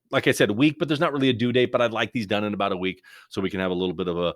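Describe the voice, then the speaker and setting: A man's voice: lowish voice, fairly even intonation, racing, no echo. A man teaching a recorded video lesson in a rambling, joking, conversational way into a close mic.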